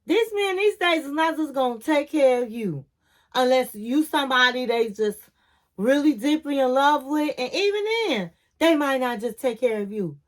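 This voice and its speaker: A woman's voice: sits high, animated, normal speed. A woman from Chicago giving a blunt, sassy reality TV recap in casual chat, acting out the cast's lines as she goes.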